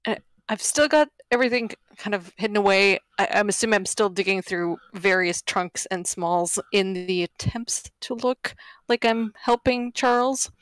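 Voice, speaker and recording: A woman's voice: mid-range voice, normal speed, no echo. A woman playing a tabletop game who tentatively explains what her character is doing. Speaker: player. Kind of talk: casual tabletop play.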